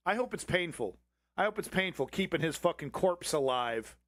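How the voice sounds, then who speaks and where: Brief: male stream host, angry profane rant, higher-pitched voice, dry close sound. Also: lively intonation, moderate pace, fairly bright tone, dry recording. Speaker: livestream host. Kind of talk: profane political commentary over a clip.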